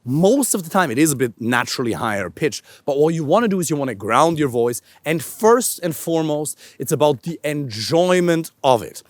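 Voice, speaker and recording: An energetic male coach talks to camera outdoors, his slightly high voice swinging up and down with lively emphasis. The sound is close and dry, with hardly any room around it. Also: normal speed, hardly any pauses, no room sound. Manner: energetic, animated coaching delivery. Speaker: dating and voice coach. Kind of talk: instructional talk to camera. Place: outdoors in a park.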